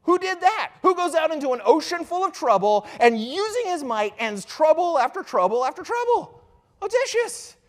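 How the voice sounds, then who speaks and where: A man giving a lively conference lecture, telling the story with dramatic emphasis and casual asides to the audience. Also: very high-pitched, moderate pace, few pauses. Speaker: conference speaker on classical education.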